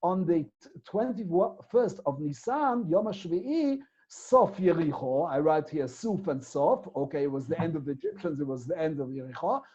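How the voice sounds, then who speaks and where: A man teaches a Torah lesson in a mellow, warm voice. He builds his point step by step and keeps asking rhetorical questions. The recording is dull and lo-fi. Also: on the high side, expressive, moderate pace, slightly rough.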